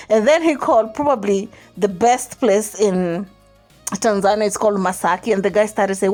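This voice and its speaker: A woman's voice: medium pitch, normal speed, darkish tone, faint music behind. A woman hosting a chatty reaction vlog, translating a clip and joking with viewers, calling them honey. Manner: playful, calls listeners honey, laughs often. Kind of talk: chatty commentary.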